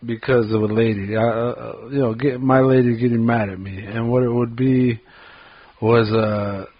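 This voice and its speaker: A man co-hosting a podcast, telling a personal story in relaxed, self-deprecating casual chat. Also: mid-range voice, normal speed, no room sound, muffled recording. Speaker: podcast co-host.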